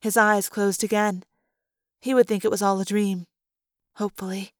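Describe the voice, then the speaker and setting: Woman audiobook narrator, mid pitch, calm first-person storytelling, dry close sound. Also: moderate pace, no room sound. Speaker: audiobook reader.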